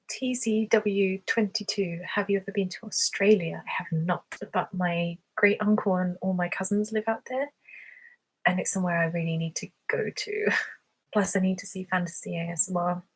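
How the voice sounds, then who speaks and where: A woman's voice: on the low side, breathy edge, low-quality recording. A woman from England with a southern English accent, talking casually on a livestream, chatty and giggly with lots of fillers as she answers viewer questions. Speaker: ASMR creator hosting a livestream.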